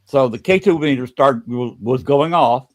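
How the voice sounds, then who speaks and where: A man hosting a podcast, telling a story in a casual, halting way and often repeating words. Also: mid-range voice, a little mellow.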